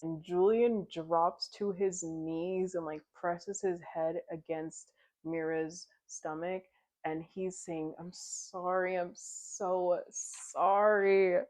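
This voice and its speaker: A woman's voice: on the low side, a little mellow. A young woman casually recapping a novel in a chatty way, swearing freely and acting out the characters' lines. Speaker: book reviewer. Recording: dull lo-fi sound.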